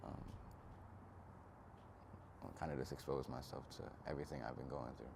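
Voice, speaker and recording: An earnest young man talks through a self-help vlog in a casual, reflective way, with slang. His voice sits very low. He is outdoors, and faint traffic hums behind him. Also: fairly even intonation, moderate pace, creaky. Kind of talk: casual motivational talk to camera.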